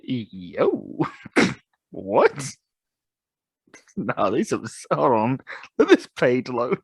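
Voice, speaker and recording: A man's voice: mid-range voice, huge pitch swings, drawn-out words, creaky, breathy edge, no echo. A man co-hosting a podcast in casual chat, joking, laughing often and trailing off into restarts. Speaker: podcast co-host. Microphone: studio podcast mic.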